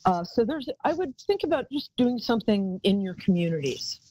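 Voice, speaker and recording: A woman's voice: medium pitch, sing-song, normal speed, darkish tone, rough recording. A woman hosting a live call-in psychic show, talking in a chatty, rambling way and calling callers darling.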